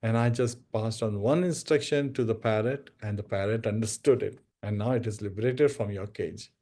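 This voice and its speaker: A man voicing a calm, gently reproving old holy sage in a spoken story. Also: on the low side, normal speed. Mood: chiding.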